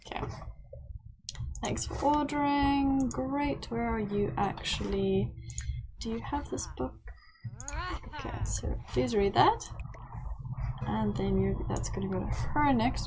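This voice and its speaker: A woman's voice: fairly high pitch, background noise. Chatty woman playing a game. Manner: chatty, talks to her game characters fondly. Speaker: let's play host. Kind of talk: casual gameplay commentary.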